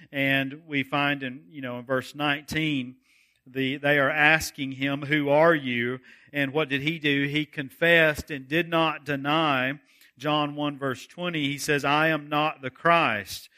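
Slow, bright-voiced male preacher. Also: a little high. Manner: slow deliberate preaching, reading scripture aloud. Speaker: pastor. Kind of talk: sermon.

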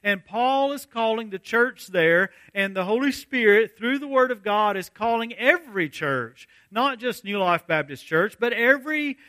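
Guy preaching a bible study sermon, kinda high voice, slows down to hit the key words, dry close sound. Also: animated, pushed and bright, no room sound. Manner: measured, deliberate, slows to stress key phrases. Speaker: pastor. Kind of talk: expository sermon reading scripture.

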